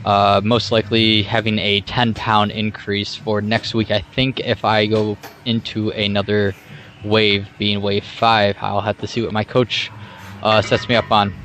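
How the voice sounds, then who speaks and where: Rambling low-voiced young man vlogging. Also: flat delivery, measured pace, a bit bright. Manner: rambling, with many fillers and restarts. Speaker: fitness vlogger. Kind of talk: casual workout vlog voice-over.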